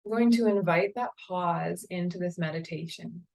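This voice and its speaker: A woman yoga teacher leading a guided meditation in a slow, calm, soothing way. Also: on the low side, poor audio. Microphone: camera mic, seated on a chair.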